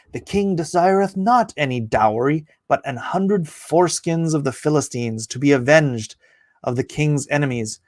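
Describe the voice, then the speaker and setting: A man's voice: mid-range voice, no room sound. Joking man reading scripture aloud. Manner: reads aloud, breaks off to joke and greet chat viewers; laughs at his own asides. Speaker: livestream host reading scripture. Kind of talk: casual Bible reading with chat banter.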